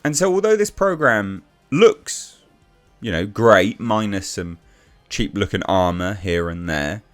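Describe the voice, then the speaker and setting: A man's voice: on the low side, lively intonation, takes it slowly, soft background music. A man giving a blunt, exasperated casual review rant, with frequent restarts and swearing.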